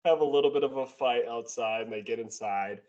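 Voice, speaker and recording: A man's voice: medium pitch, brisk, a little mellow. A man co-hosting a casual book review podcast, talking sarcastically and mimicking characters as he retells scenes. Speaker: podcast co-host. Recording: dull lo-fi audio.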